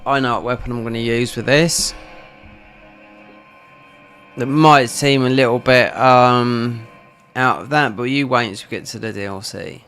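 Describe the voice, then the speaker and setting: A man's voice: mid-range voice, fairly even intonation, a little slow, long pauses, a bit bright, smooth, faint music behind. A man with a South London accent rambling chattily through casual gameplay commentary as a gaming channel host. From England.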